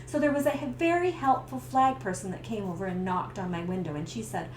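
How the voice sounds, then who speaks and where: Speaking fairly quickly with few pauses, a middle-aged woman from Canada recounts a personal story to camera in a medium-pitched voice. She runs a business as a stress coach and brings each scene to life as she narrates. Faint hiss and a roomy echo sit in the background.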